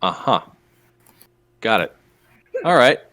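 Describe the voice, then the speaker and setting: A low-voiced man chatting through a tabletop role-playing session. He speaks casually and hesitantly, with plenty of ums and uhs. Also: big pitch swings, slow pace, background noise. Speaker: player.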